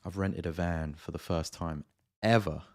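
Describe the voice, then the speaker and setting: A man hosting a relaxed livestream, chatting casually and greeting viewers by name from his home studio. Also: low voice, normal speed. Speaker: music producer hosting a livestream. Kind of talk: casual live-stream chat.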